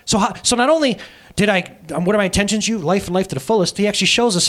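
A man in his thirties preaching a sermon as pastor, telling a story in a casual, animated way. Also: high voice, fast.

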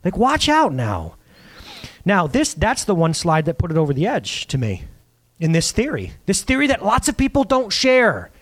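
A male pastor preaching a sermon in a casual, animated way, acting out the quotes he reads. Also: sits high, normal speed.

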